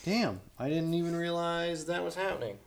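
A man in his late twenties co-hosting a podcast, rambling in a relaxed way and swearing often. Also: a little high, normal speed, gravelly. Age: 20s. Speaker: podcast co-host. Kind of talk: casual chat.

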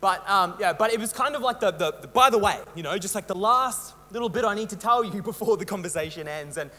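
A man's voice: sits high, pushed and bright, big-room sound. A young Australian man preaching a sermon in a chatty, rambling, self-mocking way, full of fillers. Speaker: pastor. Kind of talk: casual storytelling sermon.

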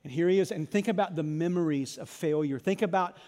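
A man with a notably high voice delivers a sermon as pastor. His delivery is dramatic, rising to loud emphasis and dropping to near-hushed intensity. A long hall reverb trails every phrase, as in a large sanctuary. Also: brisk.

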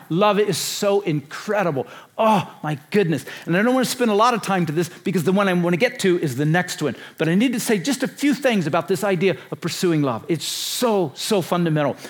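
Emphatic man in his sixties preaching, high voice. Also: animated, brisk. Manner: emphatic and repetitive, with rhetorical questions. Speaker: conference speaker. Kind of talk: sermon.

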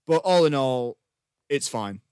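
A man's voice: mid-range voice, lively intonation, a little slow, a little mellow, clear, resonant tone, no room sound, clean studio sound. A man co-hosting a podcast, rambling casually in sardonic griping about a film. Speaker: podcast co-host. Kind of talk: casual chat.

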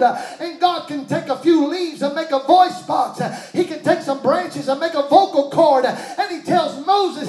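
High-voiced shouting man preaching a sermon. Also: moderate pace, hardly any pauses, faint music behind. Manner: call-and-response preaching with shouted bursts. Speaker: pastor. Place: church. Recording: echoey church hall.

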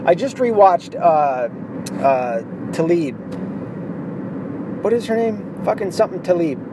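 A man's voice: sits high, animated, takes it slowly. Heated, profane ranting man, noisy recording. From Michigan, USA. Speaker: commentary host. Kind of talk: ranting political commentary.

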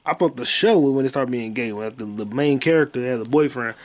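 A man hosting a podcast alone, telling crude, rambling stories and bursting into loud high yelps and sound effects. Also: fairly quick. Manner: profane, rambling storytelling. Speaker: podcast host. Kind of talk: casual solo podcast monologue.

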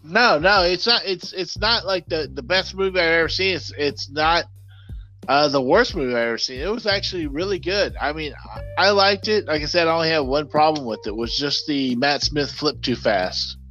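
Bright, lively guest on a lo-fi line. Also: male voice, fairly high pitch, normal speed, faint music behind. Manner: jokey, laughs often. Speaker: podcast guest. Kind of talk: casual chat.

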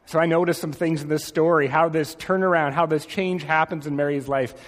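A man preaching a gentle, reflective sermon, slowing and softening on key phrases. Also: a little high, fairly even intonation, in a large hall. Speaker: pastor.

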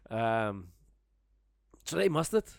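A man's voice: mid-range voice, big pitch swings, takes it slowly, creaky, dry recording, clean studio sound. A young man telling a long, rambling, sweary story in casual chat, laughing as he goes. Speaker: storyteller guest. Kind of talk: casual podcast anecdote.

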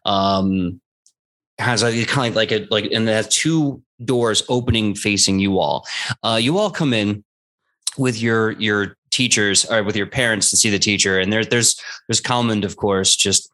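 A man's voice: lowish voice, unhurried, bright, forceful tone. Rambling male game master. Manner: loose, rambling descriptions with fillers. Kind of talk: narrating a tabletop game.

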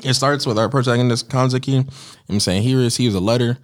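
A man's voice: mid-range voice, steady tone, fast. Male co-host, casual slangy storyteller, laughs easily. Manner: laid-back slangy storytelling, acts out lines, laughs often. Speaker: podcast co-host. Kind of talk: casual comedic chat, retelling a plot.

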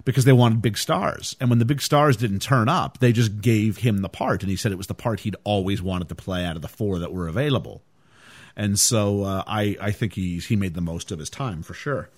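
On his podcast, a man talks animatedly and casually about a movie, filling his speech with fillers. His voice sits on the low side and runs a little fast.

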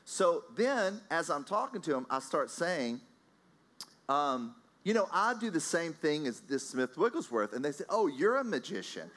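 A man preaching a sermon, telling a personal story in an animated, anecdotal way with frequent fillers and restarts. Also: on the high side, unhurried.

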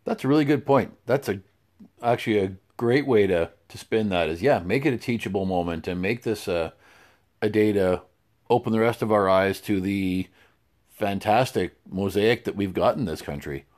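A man's voice: on the low side, normal speed, a little mellow. Wry chuckling male radio co-host. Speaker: radio talk show co-host. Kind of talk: casual talk radio banter.

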